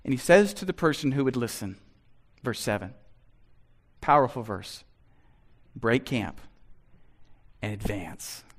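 A man preaching a sermon as pastor, acting out imagined voices and swinging between soft asides and loud, emphatic lines. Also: mid-range voice.

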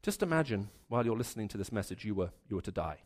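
A man with a lowish voice preaches a sermon very fast and very animatedly. He is earnest, builds his points through repeated phrases, and drops to a hushed voice for his stories.

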